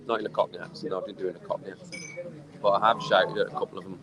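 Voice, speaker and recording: Crowd noise and clear music fill this rough recording of a tipsy man ranting at an outdoor poolside bar during a casual live stream. His pitch sits on the low side, and he talks fast but leaves long pauses. His tone is animated and exasperated.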